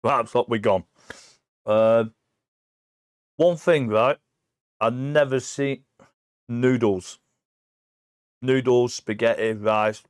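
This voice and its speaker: A man in his forties with an English accent, telling stories in a sweary, animated casual chat as a podcast guest. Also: medium pitch, slow, pauses often, smooth, no echo, clean studio sound. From England. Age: 40s.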